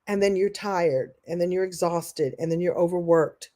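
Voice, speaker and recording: A woman teaches a live online masterclass, speaking as a motivational coach. Her voice is warm and mellow, and she keeps the talk animated, acting out the things people say and reading out comments from viewers as she goes. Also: on the low side, normal speed, few pauses. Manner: animated, acts out quoted voices; reads and answers viewer comments.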